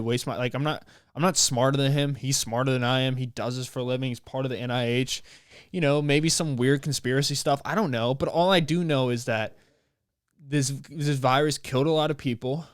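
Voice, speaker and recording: A young man, hosting his podcast and talking in a rambling, animated, slangy way. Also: medium pitch, clean tone, no echo, studio quality. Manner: rambling, animated, slangy, with playful put-on voices. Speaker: podcast host. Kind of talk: casual solo podcast monologue.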